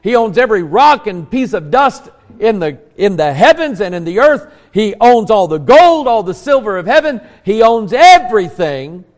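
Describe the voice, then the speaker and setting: A man's voice: sits high, big pitch swings, moderate pace, few pauses. Preaching man in a reverberant church. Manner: preaching with rising emphatic bursts, then quiet prayer. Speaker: pastor. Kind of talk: sermon. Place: church sanctuary.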